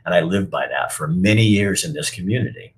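A man's voice: low voice, animated, brisk. A man in his sixties hosting a casual talk show, speaking bluntly and heatedly and sometimes swearing. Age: 60s. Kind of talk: casual opinionated chat.

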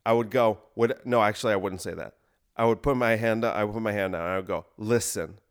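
A man hosting a podcast, delivering a deadpan comedic monologue of escalating absurd bits. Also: on the low side, fast, smooth. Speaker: podcast host.

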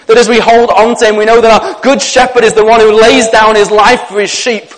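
A male pastor preaching a sermon in an earnest, gentle way, slowing down to read scripture reflectively. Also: high voice, steady tone, rough recording.

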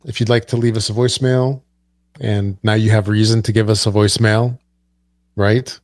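A man's voice: on the low side, level tone, moderate pace, darkish tone, no echo. A man co-hosting a casual podcast, giving listener info and joking with dry sarcasm. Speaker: podcast co-host. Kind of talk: casual chat.

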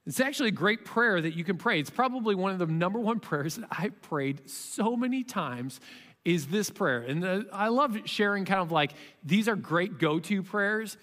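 A man preaching a conversational sermon, reading scripture aloud and talking it through in an animated way. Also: high-pitched, in a large hall. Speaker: pastor.

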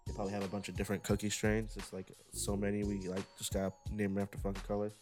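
Deep-voiced casual man reviewing strains. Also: completely flat delivery, rapid-fire, over music. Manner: stumbles over words while reading, casual slang. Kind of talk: casual vlog, reading strain descriptions aloud.

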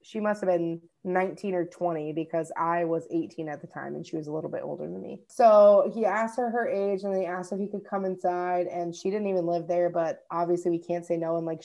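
A woman's voice: lowish voice, warm tone. A young woman from Minnesota, co-hosting a podcast, telling a story in casual chat and swearing freely. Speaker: podcast co-host.

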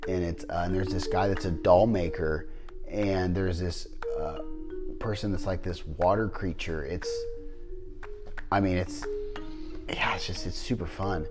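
A man's voice: sits low, fairly even intonation, unhurried, over music. A man co-hosting a podcast in casual chat, rambling with many fillers and restarts. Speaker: podcast co-host.

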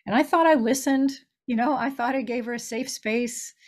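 A woman's voice: on the high side, moderate pace. Middle-aged woman, grief minister, earnest storyteller who acts out quotes, conversational. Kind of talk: conversational podcast interview.

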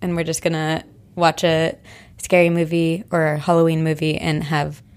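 A chatty young woman co-hosting a podcast, her voice sitting a little low for a woman. She talks in an easy, casual way and laughs often. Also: little pitch movement, moderate pace, darkish tone, smooth. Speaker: podcast co-host. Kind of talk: casual chat and host-read ad.

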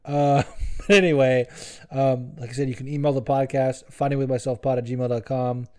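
A man's voice: medium pitch, steady tone, moderate pace, darkish tone. A young man hosting a podcast, chatting in a rambling, profane, joking way. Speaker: podcast host. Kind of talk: casual podcast chat.

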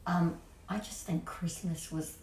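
A woman's voice: on the low side, flat delivery, a little slow, roomy sound, distant mic, crowd noise. A woman reminiscing about her childhood in a casual family chat, stopping often with fillers. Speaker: family member sharing memories.

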